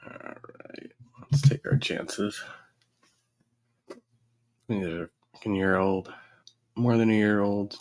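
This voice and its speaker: A man's voice: fairly low pitch, slow pace, pauses often, a little mellow. A man hosting a live-stream podcast, making dry, amused, mocking remarks. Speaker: podcast host. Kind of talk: casual live-stream commentary.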